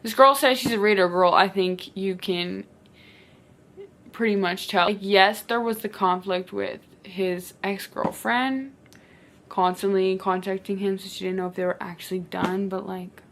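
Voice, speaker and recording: A young woman chatting casually as a book vlogger, animated and dramatic, with lots of filler "like"s. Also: medium pitch, measured pace. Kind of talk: casual chat.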